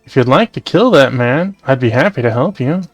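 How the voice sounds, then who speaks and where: A man reading the part of a cool adult assassin who speaks in a calm, measured, quietly threatening way. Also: mid-range voice, dry recording, faint music behind. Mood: calm menace.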